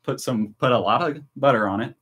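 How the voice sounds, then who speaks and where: An American man chatting casually and excitedly on a live stream while tasting snacks. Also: medium pitch, a little fast, breathy edge. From United States. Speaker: vlogger.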